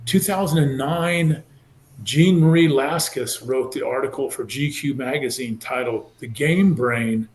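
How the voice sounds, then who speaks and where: A man in his sixties from California, a former football player telling his story in an animated way and acting out the people he quotes. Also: medium pitch, a little slow. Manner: animated, acts out quoted voices. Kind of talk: casual storytelling interview. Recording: roomy echo.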